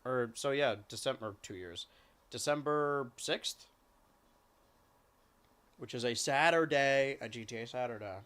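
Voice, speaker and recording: A male streamer in easy, rambling chat, with a voice of middling pitch. He drifts between remarks and affectionate, sing-song talk to his cats. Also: measured pace, pauses often, fairly bright tone, clean tone. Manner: chatty, coos and baby-talks to his cats. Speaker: live streamer.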